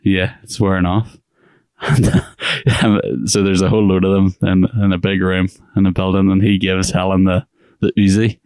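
A man's voice: low voice, little pitch movement, moderate pace, darkish tone, clean tone, dry recording, clean studio sound. A man co-hosting a podcast, chatting casually about a film, rambling and laughing, acting out lines. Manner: rambling, laughs often, acts out quotes. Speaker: podcast co-host. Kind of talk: casual movie chat.

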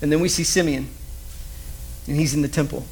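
A man preaching a sermon in a conversational, animated way, full of rhetorical questions. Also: a little high, brisk, a little hiss or hum. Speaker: pastor.

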